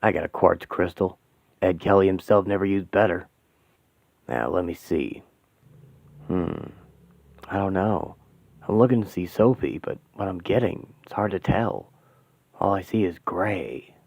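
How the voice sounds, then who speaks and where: A man's voice: sits low, unhurried, gravelly, long pauses, darkish tone, no echo, exaggerated voice. A man voicing a wry male occult scryer in a fan radio play, musing as he gazes into a crystal. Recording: tinny dry lo-fi sound.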